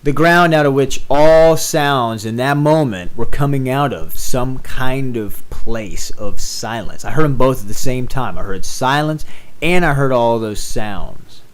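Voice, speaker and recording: A man co-hosting a relaxed podcast, his pitch sitting right in the middle. He tells stories in a lively, animated way, with casual swearing along the way. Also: measured pace, clear, resonant tone. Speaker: podcast co-host. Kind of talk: casual chat.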